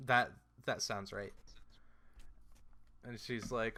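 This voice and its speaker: A man with a bright, forceful voice casually retells a film's plot as a podcast co-host. He rambles through fillers and slips into playful quoted voices as he goes. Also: medium pitch, unhurried. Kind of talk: casual movie recap chat.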